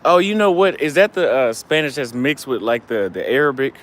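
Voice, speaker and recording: A man's voice: medium pitch, expressive, brisk, fairly bright tone. A tipsy, slightly breathless man talks loosely into his handheld camera outdoors on a night street. His voice sits mid-height, and faint traffic and city hum run behind him. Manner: loose, rambling, profane, trailing off mid-thought. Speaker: travel vlogger. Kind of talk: casual street vlog monologue.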